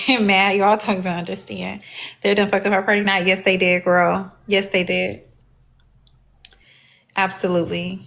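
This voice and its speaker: A woman talks straight to her live-stream viewers in a casual, salty way. Her voice sits at a middling pitch, and she is blunt and openly aggravated. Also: level tone, measured pace, creaky, long pauses, a bit bright. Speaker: livestream host.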